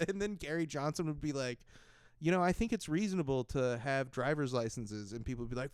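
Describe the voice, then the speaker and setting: A man hosting a podcast in casual chat, telling stories in an animated way, laughing often and acting out other people's lines. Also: mid-range voice, a little fast, smooth, no room sound. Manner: animated storytelling, laughs often, acts out voices. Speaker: podcast host.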